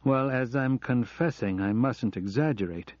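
A man voicing a middle-aged American professor who speaks in a quiet, earnest, confessional way. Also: mid-range voice, measured pace, no room sound, close to an everyday voice. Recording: dull lo-fi audio.

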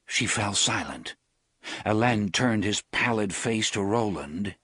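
A man narrating an audiobook in measured, expressive storytelling. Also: on the low side, slightly rough, dry recording, studio quality.

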